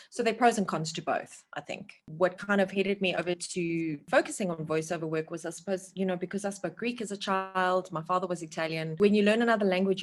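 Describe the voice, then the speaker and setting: A woman from South Africa talks as a guest on an interview show about voice work. Her voice sits a little low, and her talk is loose and chatty. She fills it with "you know" asides. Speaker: voice-over guest. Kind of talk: casual interview chat.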